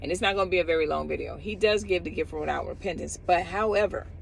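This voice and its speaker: Husky-voiced woman giving salon advice. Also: fairly low pitch, fast talker, low-quality recording. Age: middle-aged. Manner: animated, acts out others in quotes. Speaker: cosmetologist. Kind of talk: casual advice talk. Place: outdoors.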